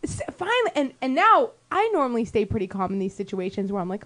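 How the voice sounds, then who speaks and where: A woman co-hosting a casual talk show, animated and laughing as she acts out what people said. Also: a little high, fast talker. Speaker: show co-host. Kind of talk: casual chat.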